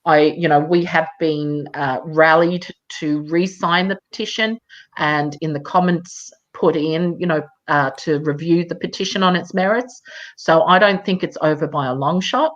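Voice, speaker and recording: Woman guest on a live video call, low voice, dull lo-fi sound, measured and emphatic with many fillers. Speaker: campaigner. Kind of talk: live chat interview.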